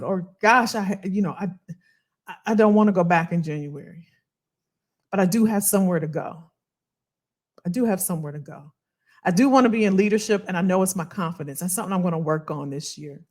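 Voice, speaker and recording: A woman's voice: on the low side, fast. A woman hosting a motivational live stream, reading viewer comments and cheering people on, repeating her phrases. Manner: animated, preachy and encouraging, repeats phrases.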